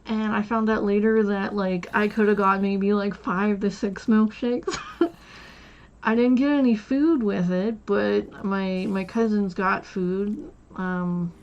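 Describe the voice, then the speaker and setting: A woman's voice: medium pitch, fairly even intonation, slow pace, lo-fi sound, a little hiss or hum. A woman streamer telling a long childhood story in a casual, rambling way, with many restarts and quoted voices. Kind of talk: casual storytelling while gaming.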